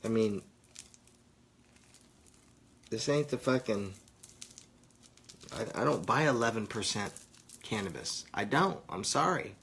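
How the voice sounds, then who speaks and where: A man's voice: lowish voice, lively intonation, takes it slowly, vocal fry, long pauses, a bit bright, husky. Rambling, profane stoned man vlogging. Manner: rambling, profane, rowdy banter with viewers. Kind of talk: casual live vlog.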